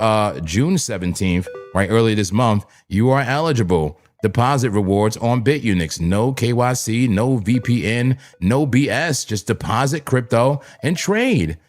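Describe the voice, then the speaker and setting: A man from New Jersey hosting a live crypto trading stream, talking in a hyped, repetitive, chatty way to his viewers. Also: medium pitch. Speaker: livestream crypto trading host. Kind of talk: casual live-stream commentary.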